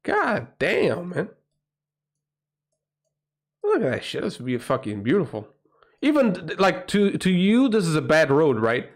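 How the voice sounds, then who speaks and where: A man's voice: a little high, wildly swooping pitch, measured pace, long pauses. A man from Portugal with a Portuguese accent, a livestream host in a rambling, profane, casual chat who often breaks into exclamations.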